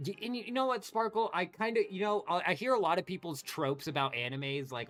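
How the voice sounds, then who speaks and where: A young man hosting a live game stream, chatting casually with viewers, animated and full of swearing. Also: sits high, a little fast, few pauses, faint music behind. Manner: animated, swears a lot, talks to chat by name. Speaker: livestream host.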